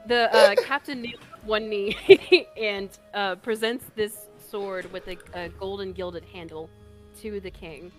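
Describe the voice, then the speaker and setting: A woman's voice: medium pitch, slow pace, darkish tone, faint music behind. A woman narrating as game master of a tabletop game, laughing often between lines.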